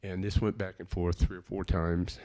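Earnest man with a low voice. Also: level tone, normal speed, warm tone. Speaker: speaker giving a personal testimony. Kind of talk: personal testimony.

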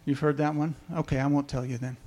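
A man's voice: mid-range voice, little pitch movement, fast, a little mellow. A man preaching a sermon in a conversational way, often asking his listeners questions. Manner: conversational, asks the audience questions.

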